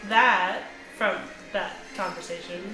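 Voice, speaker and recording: A young woman from Canada chatting casually while gaming, wry and quick to laugh. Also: lowish voice, steady tone, bright, forceful tone. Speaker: co-host. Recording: echoey room. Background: game music.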